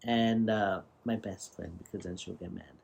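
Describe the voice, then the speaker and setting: Man, podcast co-host, casual chat, blunt, swears a lot, low voice. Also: steady tone, moderate pace, gravelly, a little mellow, husky.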